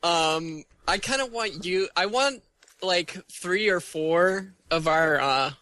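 A man's voice: high-pitched, slow pace, sharp tone, no room sound. A man co-hosting a casual podcast, chatting with a wry, dry sense of humor. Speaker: podcast co-host.

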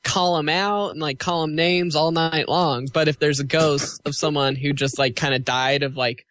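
A man's voice: on the high side, fairly even intonation, moderate pace, fairly bright tone, no echo. A man co-hosting a podcast in casual chat, earnest and easily amused. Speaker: podcast co-host.

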